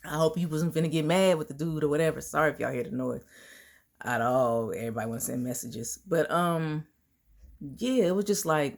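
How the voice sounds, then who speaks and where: Lady vlogger with a deep low voice, chatty and laughing, talks like she's with friends. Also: expressive, fairly quick, darkish tone. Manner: chatty storytelling, laughs often, slangy. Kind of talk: casual monologue to viewers.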